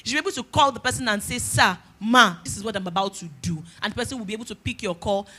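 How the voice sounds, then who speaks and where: A woman's voice: fairly high pitch, rapid-fire, sharp tone. A woman, a guest speaker giving earnest, direct career advice at a conference. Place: conference stage before an audience.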